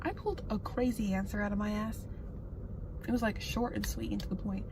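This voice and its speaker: A young woman in her twenties, fresh out of college, talks straight to her phone from a parked car. She is candid and excitable, dropping casual swears. A loud A C hum runs under her voice. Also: medium pitch, brisk. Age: 20s. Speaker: vlogger. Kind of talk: casual vlog chat. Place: parked car with the air conditioning running.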